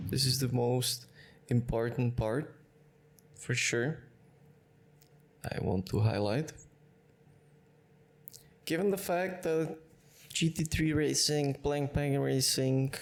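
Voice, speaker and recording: Slow, analytical man breaking down race replays. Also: mid-range voice, gravelly. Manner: analytical, with frequent self-corrections. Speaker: sim racing channel host. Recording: music bed under the voice.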